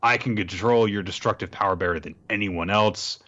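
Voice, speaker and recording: A man's voice: fairly low pitch, brisk, pushed and bright. A man co-hosting a podcast, chatting casually about a comic and laughing often, in a dull lo-fi recording. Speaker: podcast co-host. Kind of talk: casual chat recapping a comic.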